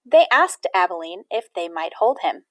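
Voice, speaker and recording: Animated woman reading a storybook. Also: lowish voice, moderate pace, no room sound. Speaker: audiobook reader.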